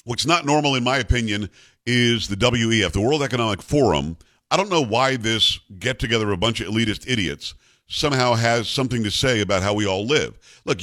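A man's voice: on the low side, a bit bright, no room sound. A man hosting a talk radio show, who grew up in South Florida, giving emphatic, opinionated commentary. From South Florida, USA. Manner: emphatic, ranting, rapid-fire delivery.

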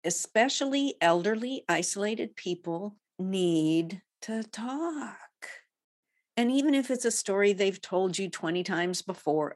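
Woman giving calm grief advice. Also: medium pitch, unhurried. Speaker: guest, grief author. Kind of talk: advice in an interview.

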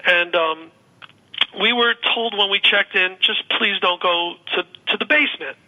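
A man's voice: sits high, measured pace, pushed and bright, dull audio. A man guesting on a radio talk show, describing his tours in a rambling, upbeat way with many restarts. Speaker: guest, paranormal tour organizer. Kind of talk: casual radio interview.

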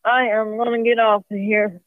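High-voiced woman on a tinny phone line. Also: level tone, no echo. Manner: unhurried, rambling, restarts her sentences. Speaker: caller. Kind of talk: casual phone chat.

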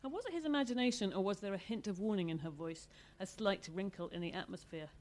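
A woman author reading aloud from her own novel in a measured, expressive way. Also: medium pitch.

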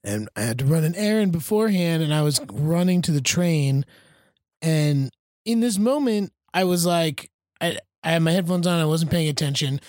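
Chatty higher-voiced man telling a story. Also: lively intonation, normal speed, darkish tone, dry recording, clean studio sound. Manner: rambling anecdote, acting out quotes. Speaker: podcast co-host. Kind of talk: casual chat, storytelling.

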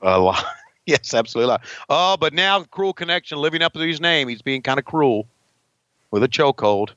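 A middle-aged podcast host chats and jokes through a watch-along. His voice is bright and a bit high. The recording is dry and slightly dull and lo-fi. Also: animated, fairly quick, dry recording. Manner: joking, laughs often. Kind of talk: casual watch-along chat.

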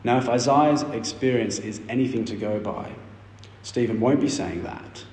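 A man preaches in a church hall, and his voice rings with a long, roomy reverb. He reads scripture and explains it emphatically, holding dramatic pauses. His pitch sits at a middling level. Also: darkish tone. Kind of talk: sermon.

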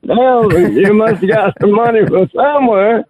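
A man calling in to a radio show, talking loud, boisterous trash and whooping. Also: high voice, a little slow. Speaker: caller. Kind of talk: rowdy trash talk on a call-in radio show. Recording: tinny phone line, dry.

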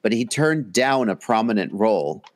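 A man's voice: on the low side, expressive, normal speed. An American man, a guest on a livestream, chatting in a casual, self-mocking and joking way.

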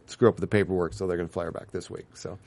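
A man talks fast in a somewhat low voice as an interview guest. He tells long, rambling anecdotes, wanders into tangents and acts out the quotes of the people in them. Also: level tone, vocal fry, darkish tone. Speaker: guest, TV writer and producer. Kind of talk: casual interview storytelling.

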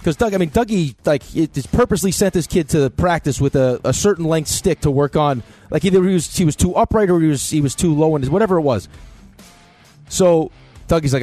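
Man, quick talker, animated anecdotes, stumbles over words, casual sports talk. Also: fairly high pitch, soft background music.

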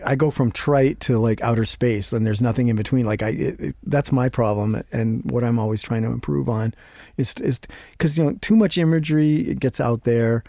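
Mellow-voiced man hosting an interview. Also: medium pitch, normal speed, gravelly, no room sound, studio quality. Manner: rambling, hesitant questions with many fillers. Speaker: interview host. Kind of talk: casual interview talk.

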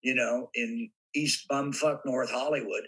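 Older man, from Southern California, very bright, husky, animated storyteller, acts out voices, podcast guest. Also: medium pitch, unhurried, rough recording. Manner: animated anecdotes with acted-out voices. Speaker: guest actor.

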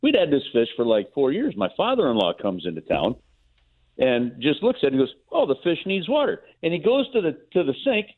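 Male phone-in guest, chatty animated storyteller, tinny phone line. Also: mid-range voice, fairly quick. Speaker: team play-by-play broadcaster, guest. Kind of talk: casual phone-in chat, storytelling. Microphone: phone call.

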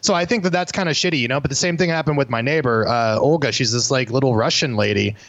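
Casting note: male podcast host, chatty, dry close sound, mid pitch. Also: fast, fairly bright tone, dry recording. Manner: conversational, asks follow-up questions. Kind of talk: casual chat.

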